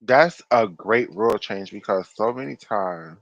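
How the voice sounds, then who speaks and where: A man co-hosting a casual podcast who is blunt and opinionated and swears casually. His voice sits somewhat low. The recording is dry and dull, with a lo-fi edge. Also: expressive, a little slow, fairly bright tone, dry recording. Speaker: podcast co-host. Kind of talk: casual chat.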